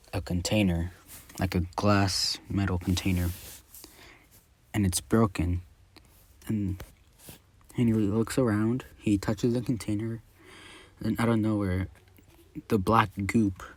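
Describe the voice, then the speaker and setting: A man casually telling his own fan-fiction story, unscripted and halting. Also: fairly low pitch, darkish tone.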